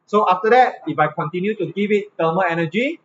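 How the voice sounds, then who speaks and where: A man's voice: sits high, expressive, fast talker, slight background noise. A male physics teacher with a Singaporean English accent, giving a classroom lesson and checking his students' understanding with frequent tag questions. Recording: slightly dull lo-fi recording, faint ambience.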